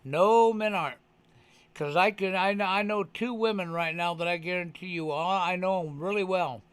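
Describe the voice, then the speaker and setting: A man's voice: high-pitched, fairly even intonation, fairly quick, fairly bright tone, smooth. A man talking casually on a live stream, emphatic and profane, often pressing his point with "okay". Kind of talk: casual chat.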